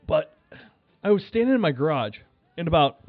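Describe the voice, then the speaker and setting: A man telling a rambling, animated story in casual chat, acting out his own shouts. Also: a little high, brisk, no room sound, soft background music. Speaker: podcast guest. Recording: tinny phone line, dry.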